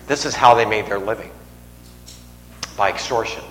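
A man's voice: medium pitch, moderate pace, long pauses, a bit bright. A man preaching a sermon in a church, conversational, joking with the congregation. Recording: echoey hall, faint noise.

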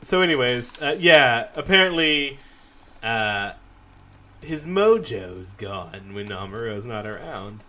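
Lively, bright-voiced joking man. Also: mid-range voice, slow. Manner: animated, laughs often, joking asides. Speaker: podcast co-host. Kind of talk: casual episode recap chat.

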